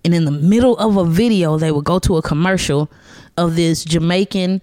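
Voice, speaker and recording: A stand-up comedian in her forties, appearing as a guest, tells animated stories in a casual chat, laughing often and slipping into character voices. Her fairly low voice moves briskly, and there's no echo.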